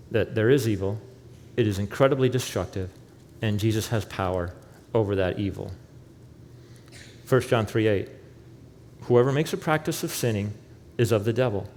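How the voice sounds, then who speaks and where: A man's voice: fairly low pitch, a little mellow, a little hiss or hum. A male pastor preaching a sermon, telling the story with animation and acting out the quoted lines. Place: church sanctuary. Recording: long hall reverb, faint ambience.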